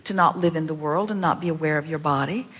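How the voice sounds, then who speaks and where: Husky-voiced woman teaching in a reverberant hall. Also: low voice, quick pace, a bit bright. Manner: speaks of herself as "we", full of rhetorical questions and repetitions. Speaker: spiritual workshop speaker. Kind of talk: inspirational teaching with audience questions.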